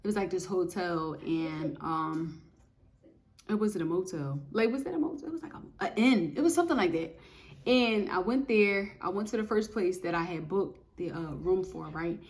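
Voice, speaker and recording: A woman giving a casual spoken testimony of faith, telling her story in an animated, emphatic way with lots of repetition. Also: fairly low pitch, moderate pace.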